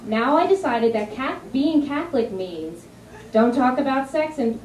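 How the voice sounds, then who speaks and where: A woman's voice: sits high, expressive, unhurried, a little mellow. A young woman telling brash stories with punchlines in a stand-up comedy set on a club stage. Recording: roomy distant club recording. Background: audience laughter and room noise.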